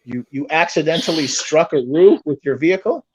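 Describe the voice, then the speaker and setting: A man hosting a casual video-call interview, speaking haltingly and often restarting his sentences. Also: fairly high pitch, animated, darkish tone, slightly rough, no echo. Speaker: host. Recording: dull lo-fi call audio.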